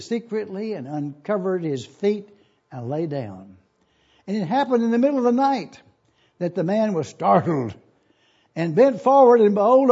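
A man in his eighties preaching a sermon, reading scripture and stressing his points by repeating questions slowly. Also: high voice, warm tone, breathy edge. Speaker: pastor. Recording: dull lo-fi recording.

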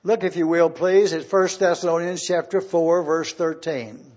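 Preacher guy, high voice, takes his time, spells words out, muffled lo-fi sermon tape. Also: fairly even intonation, darkish tone. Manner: slow and deliberate, spelling out terms. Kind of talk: teaching sermon with scripture reading. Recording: dull lo-fi sermon recording.

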